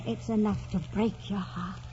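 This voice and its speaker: An actress playing an older family nurse with a soft, motherly, unhurried voice in 1940s radio acting. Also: medium pitch, steady tone, a little hiss or hum, close to an everyday voice. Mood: sorrowful. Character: older woman, a gentle and sorrowful family nurse. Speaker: housekeeper. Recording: dull lo-fi 1940s radio recording.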